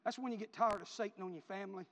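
A man preaching a sermon, repeating phrases in a rhythmic build that rises to shouts. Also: high-pitched, rapid-fire, slight background noise. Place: church. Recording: reverberant hall, dull lo-fi.

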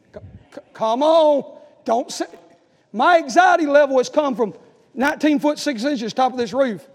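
High-voiced preacher in a reverberant hall. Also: male voice. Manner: preaches in swells, from hushed to shouting. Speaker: pastor. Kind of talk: sermon.

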